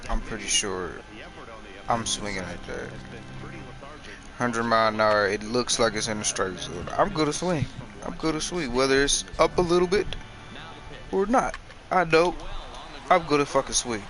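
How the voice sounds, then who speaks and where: A man's voice: mid-range voice, unhurried, pauses often, over music, low-quality recording. A young man chatting and swearing casually while playing a baseball video game. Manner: profane, animated banter. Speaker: gamer. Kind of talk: casual gaming commentary. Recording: game crowd noise behind.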